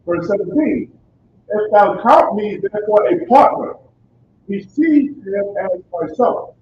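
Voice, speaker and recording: A man reads scripture aloud, slow and measured, with a high voice that rises and falls a lot. He is off from the microphone in an echoey room, and the sound is dull with faint noise. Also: expressive, darkish tone, far from the mic. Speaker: scripture reader.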